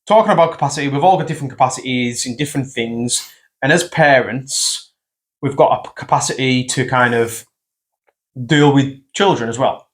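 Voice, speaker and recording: A man, hosting a casual podcast chat, blunt and quick to swear. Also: mid-range voice. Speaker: podcast host. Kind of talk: casual conversation.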